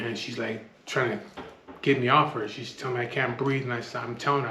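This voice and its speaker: A man's voice: medium pitch, steady tone, fast talker, sharp tone. A man telling a street story in a blunt, profane, casual way. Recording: echoey room, faint noise.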